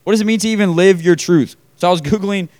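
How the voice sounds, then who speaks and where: A man's voice: sits high, fast talker, darkish tone. A young man preaching a casual, conversational sermon to a room of about forty people, with lots of fillers and questions put to the crowd.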